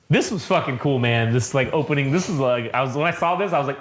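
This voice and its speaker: A young man co-hosting a comic book podcast, talking casually and excitedly, swearing a lot and acting out the lines. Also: mid-range voice, fast, few pauses, a little hiss or hum. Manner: profane, excitable, acts out quotes. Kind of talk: casual comic review chat.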